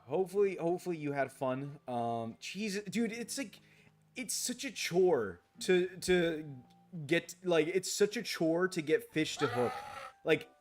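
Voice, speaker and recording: A man's voice: a little high, darkish tone. Rambling, grumbling male game streamer. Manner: rambling, restarts sentences, grumbles and swears at the game; reads viewer comments aloud and answers them. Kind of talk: casual late-night live-stream chat while gaming.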